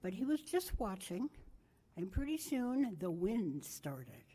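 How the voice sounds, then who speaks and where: A woman's voice: mid-range voice, sing-song, takes it slowly, warm tone, slightly rough. An older woman giving a memorial tribute, telling family stories in a rambling, anecdotal way and correcting herself as she goes. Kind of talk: memorial storytelling speech.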